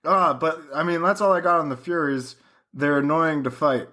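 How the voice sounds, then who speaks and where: Bright and forceful, this young podcast co-host speaks a little high at a normal speed. He keeps the conversation casual, swears freely, and laughs often while acting out lines.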